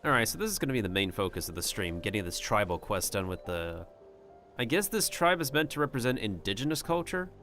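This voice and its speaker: A man's voice: fairly low pitch, big pitch swings, fairly quick, music in the background. A man doing casual gameplay commentary on a livestream, rambling and joking with his chat. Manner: rambling and jokey, talks to his chat and slips in joke drawls.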